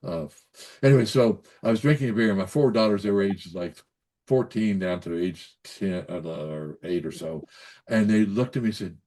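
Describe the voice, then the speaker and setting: An older man speaks in a low voice, offering blunt parenting and health advice. He talks in a folksy, emphatic way, repeating words and checking in with the listener as he goes. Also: normal speed, warm tone. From Kentucky. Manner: folksy, repetitive, emphatic with frequent "so anyways" and "okay?". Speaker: pediatrician guest. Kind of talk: casual advice-giving interview.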